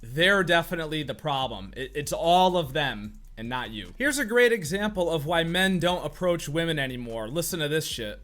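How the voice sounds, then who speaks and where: A man's voice: fairly high pitch, animated, moderate pace, few pauses, fairly bright tone, faint music behind. A man streaming reaction commentary, blunt, profane and mocking.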